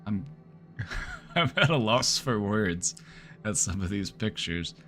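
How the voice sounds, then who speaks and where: Wry, low-voiced male streamer. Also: lively intonation, slow, fairly bright tone. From United States. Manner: joking, wry running reactions. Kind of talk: casual live-stream commentary.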